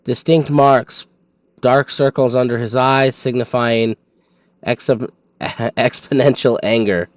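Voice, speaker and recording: A man's voice: medium pitch, steady tone, slow, no echo, poor audio. A man streaming a game, reading its in-game documents aloud in a sleepy manner and stumbling over foreign names.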